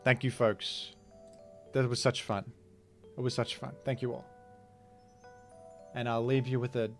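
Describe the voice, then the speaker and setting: A man hosting and commentating a live online game tournament, excitable and playful, swinging from loud hype to quiet thanks. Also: medium pitch, unhurried, long pauses, soft background music.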